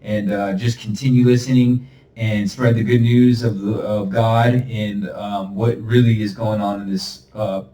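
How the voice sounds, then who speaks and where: A man's voice: on the low side, flat delivery, a little slow, mellow. A man hosting a solo podcast monologue. He talks in a rambling, emphatic, preachy way and chuckles now and then. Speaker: podcast host. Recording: roomy, far from the mic.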